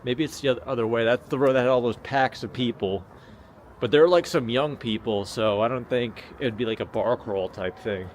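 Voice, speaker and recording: A man with a medium-pitched voice talks at a moderate pace while hosting a casual night livestream, rambling and chatting with viewers as he walks outdoors through city streets. He films on a small handheld gimbal camera, and passing traffic and street ambience fill the background.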